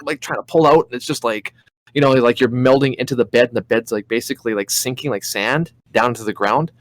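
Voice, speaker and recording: A man under forty tells stories on a podcast, swearing freely and acting out his own panicked reactions. His voice sits in an ordinary middle pitch. The recording is dry and close, with no room sound. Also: fairly quick, no room sound. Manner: animated storyteller, swears often, acts out his own reactions. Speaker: podcast co-host. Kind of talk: casual podcast chat.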